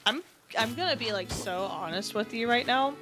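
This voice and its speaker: Chatty woman streamer over soft music. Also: on the high side, expressive, moderate pace. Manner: rambling, self-deprecating, chatty with viewers. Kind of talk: casual livestream chat while playing.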